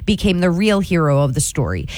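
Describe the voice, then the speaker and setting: A woman's voice: lowish voice, big pitch swings, fairly quick, darkish tone, no echo, studio quality. A woman in her forties, a radio morning show host telling a story in a playful way and laughing often. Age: 40s. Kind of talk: casual storytelling chat.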